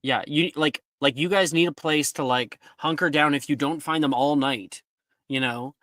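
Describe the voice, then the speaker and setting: A man's voice: fairly high pitch, moderate pace, a bit bright, no room sound, clean studio sound. A man narrating a tabletop game as game master, hesitant and full of filler words. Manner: hesitant, full of likes and ums.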